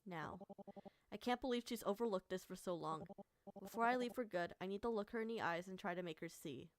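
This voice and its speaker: A woman reads a story game aloud for her stream, her voice mid-pitched and dry in the mic with no room around it. She moves between narrating scenes and reacting out loud with strong feeling, swearing now and then. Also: brisk, no echo. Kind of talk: reading a visual novel aloud with commentary.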